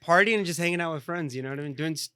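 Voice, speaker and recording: A man's voice: fairly high pitch, rapid-fire, bright, forceful tone, clear, resonant tone, no room sound, studio quality. A man in his thirties from Southern California, chatting casually as a podcast guest in a laid-back way. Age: 30s. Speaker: guest, restaurant owner's son. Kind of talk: casual interview chat.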